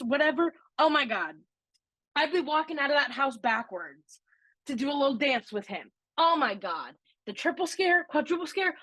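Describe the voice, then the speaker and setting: A woman with a bright, high-set voice co-hosts a casual podcast, gushing excitedly as she tells her stories. Her voice is recorded close and dry, with no room sound. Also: no echo. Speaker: podcast co-host. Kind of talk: casual podcast chat, ranking attractions.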